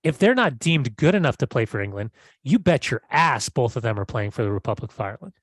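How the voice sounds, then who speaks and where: A man's voice: mid-range voice, very animated, no room sound. Emphatic man arguing his point. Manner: emphatic, argumentative, brisk. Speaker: podcast co-host. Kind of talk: casual football podcast chat.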